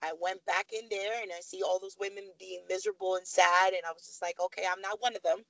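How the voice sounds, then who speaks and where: Thirties woman, gravelly texture, candid storyteller who acts out her quotes, dry close recording. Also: medium pitch, fast talker, no echo, rough recording. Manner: animated, acts out quoted voices. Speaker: podcast guest.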